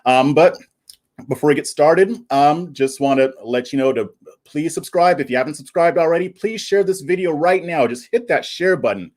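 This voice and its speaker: A man's voice: fairly high pitch, moderate pace, darkish tone. A man hosting a live stream in casual chat, plugging his channel and previewing the topics. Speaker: livestream host.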